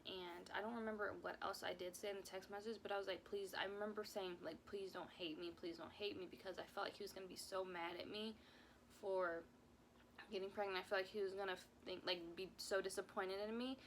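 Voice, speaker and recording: A young woman with a creaky, gravelly edge shares a personal story in a casual vlog. She talks in an emotional, rambling way, circling back over her words. A faint hum sits behind her voice. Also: medium pitch, fairly bright tone. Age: young adult. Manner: emotional, rambling, repeats herself. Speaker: vlogger.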